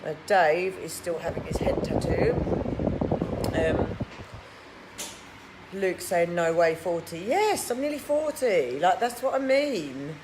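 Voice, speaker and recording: A woman's voice: fairly low pitch, sing-song, slow, long pauses. Brief: woman in her thirties, live stream host, blunt and mocking, casual swearing, noisy background. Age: 30s. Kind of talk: live video chat reading viewer comments.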